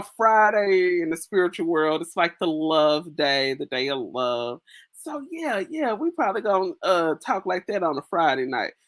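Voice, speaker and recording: A woman's voice: lowish voice, a bit bright, dry recording, clean studio sound. A young woman hosts a casual livestream, chatting to viewers, reading their comments aloud and laughing often with slangy asides. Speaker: livestream host. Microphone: phone.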